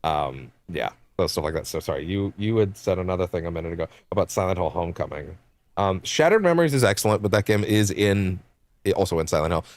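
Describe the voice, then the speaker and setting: A young adult man streaming games, chatting casually in a rambling, animated way, laughing often and swearing freely. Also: low-pitched, fast. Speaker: game streamer. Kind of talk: casual chat while livestreaming.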